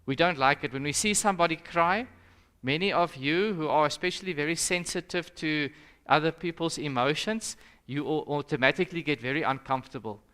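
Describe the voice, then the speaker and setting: Smooth-voiced South African pastor. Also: male voice, fairly high pitch, a little fast, pushed and bright. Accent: South African English. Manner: conversational, questions the audience. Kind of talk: interactive Sabbath school teaching.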